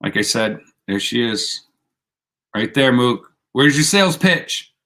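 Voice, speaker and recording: A man's voice: medium pitch, animated, unhurried, fairly bright tone. A man hosting a casual live stream, laid-back and rambling, laughing often as he chats with viewers. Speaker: livestream host.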